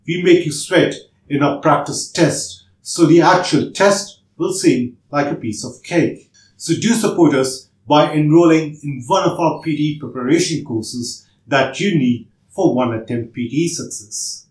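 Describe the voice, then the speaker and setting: Methodical man with a higher voice. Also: a little slow, roomy sound. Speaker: test prep tutor. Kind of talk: instructional narration.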